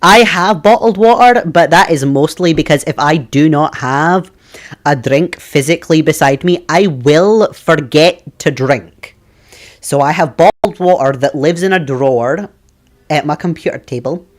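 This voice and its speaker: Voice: mid-range voice, unhurried. Giggly streamer chatting at a home desk. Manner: giggly, laughs often between remarks. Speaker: game streamer chatting with viewers. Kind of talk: casual live-stream chat.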